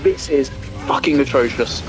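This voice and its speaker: A man's voice: medium pitch, moderate pace, music in the background. A young man giving angry gameplay commentary, ranting and swearing heavily. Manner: furious ranting, heavy swearing. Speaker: gaming video creator.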